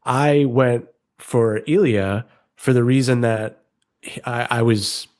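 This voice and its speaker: Measured, thoughtful male podcast guest. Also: mid-range voice, a little mellow. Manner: measured, thoughtful, reasons aloud. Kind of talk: casual chat.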